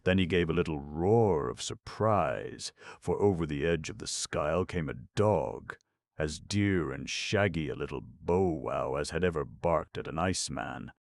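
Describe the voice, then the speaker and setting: A male audiobook narrator reads a storybook in a very deep, gravelly voice, steady, unhurried, and a little slow. The scripted narration is recorded close and dry, with no room sound.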